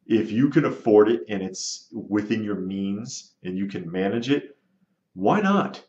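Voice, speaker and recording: A man's voice: on the low side, a little slow, mellow. A man hosting his own channel, bluntly and sarcastically answering rude viewer comments in casual commentary. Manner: blunt, sarcastic, dismissive of critics. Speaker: channel host. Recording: roomy, slightly dull audio.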